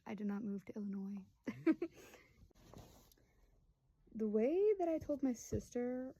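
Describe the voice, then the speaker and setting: A young mother and vlogger in her early twenties tells a family story to the camera, rambling and chatty, full of fillers, acting out her relatives' voices in quotes. Her voice is a little high with lively intonation, a slow pace and a dark tone, and the audio is poor.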